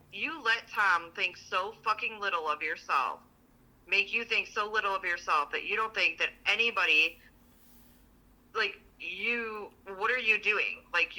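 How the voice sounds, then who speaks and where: A woman co-hosting a relationship podcast, telling stories in a blunt, profane, animated way. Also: lowish voice, low-quality recording. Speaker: podcast co-host. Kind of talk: casual chat.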